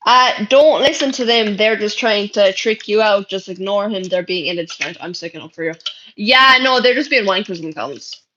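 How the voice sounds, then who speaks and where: A woman's voice: mid-range voice, animated, normal speed, sharp tone. A young Irish woman streaming live, reading chat messages aloud in brash, sweary casual talk. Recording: dull lo-fi stream audio.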